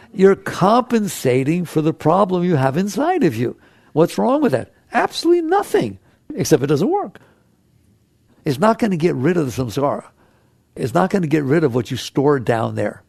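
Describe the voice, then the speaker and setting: A man's voice: a little high, sing-song, moderate pace, creaky, darkish tone, dry recording, clean studio sound. A man giving a conversational spiritual talk to an audience, asking rhetorical questions and acting out people's inner voices. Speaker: spiritual teacher.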